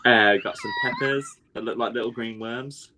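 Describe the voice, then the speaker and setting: A man in casual chat, an artist who teaches kids to draw, playful and quick to laugh. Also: mid-range voice, wildly swooping pitch, background noise.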